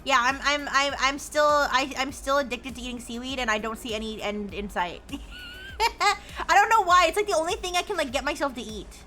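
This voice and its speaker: Brief: high, bright woman streamer, rambling, playful, stop-start, faint music behind. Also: huge pitch swings, normal speed. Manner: rambling with many restarts and fillers; playful, plays a robot persona. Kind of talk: casual chat while gaming.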